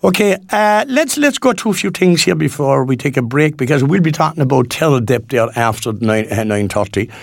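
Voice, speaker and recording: A man's voice: mid-range voice, animated, brisk, creaky, hardly any pauses, no room sound, clean studio sound. A Cork Irish man in his sixties presenting local radio in a rambling, folksy chat full of fillers and restarts. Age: 60s.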